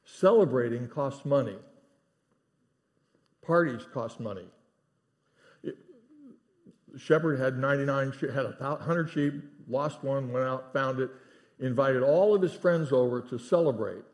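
A middle-aged man delivers a sermon in a church sanctuary. His voice sits in an ordinary middle register. He speaks earnestly and drops to a hushed tone to land key points. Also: mid-range voice, a little slow, long pauses. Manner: earnest preaching, drops to hushed tones for emphasis. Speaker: pastor.

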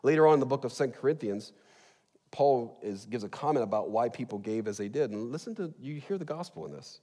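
A middle-aged man, a pastor, preaching a sermon in a lively, conversational way with asides. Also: medium pitch, fast. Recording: long reverb in a large hall.

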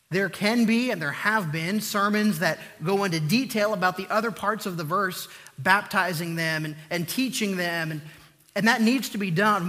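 A man preaching a sermon, earnest and emphatic, repeating key points with slow deliberate pauses. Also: sits high, bright, forceful tone, long reverb tail.

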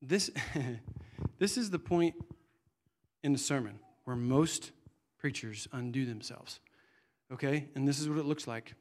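A man's voice: medium pitch, a little slow, long pauses. A middle-aged man preaching a sermon in an earnest, conversational way, often restarting his sentences.

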